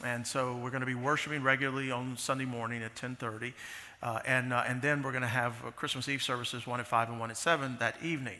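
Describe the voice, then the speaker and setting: A man's voice: mid-range voice, flat delivery, fast talker, pushed and bright, in a large hall. A man preaching a sermon as pastor, conversational and full of restarts and fillers, in a large church sanctuary.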